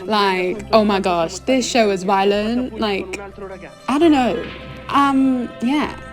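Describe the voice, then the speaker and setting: A woman's voice: medium pitch, takes it slowly, music in the background. Rambling, chatty young woman reviewer. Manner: rambling and chatty, full of "like" and "oh my gosh". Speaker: anime reviewer. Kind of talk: casual anime review chat.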